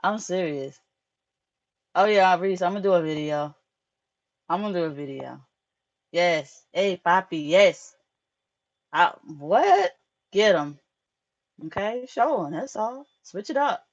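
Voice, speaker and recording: A woman's voice: on the low side, lively intonation, takes it slowly, pauses often, lo-fi sound. A woman hosting a live tarot stream, chatting casually with viewers in a frank, profane way, often laughing.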